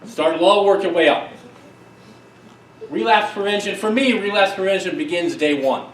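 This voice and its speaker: A middle-aged man giving a conference keynote, telling stories in an emphatic, lively way with quick asides. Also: high-pitched, slight background noise. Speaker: keynote speaker, psychologist. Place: conference hall. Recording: echoey hall, distant mic, faint ambience.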